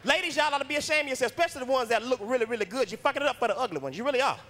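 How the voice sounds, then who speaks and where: High-voiced brash male stand-up comedian. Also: lively intonation, racing, bright, forceful tone. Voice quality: unusually high voice for a man. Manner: brash, profane, self-mocking. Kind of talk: stand-up routine. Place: comedy club stage with a laughing audience.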